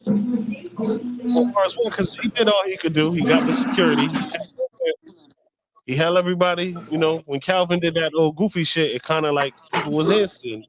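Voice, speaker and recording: A man hosting a casual chat, animated and cursing as he fires off quick questions. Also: a little high, background noise. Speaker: host.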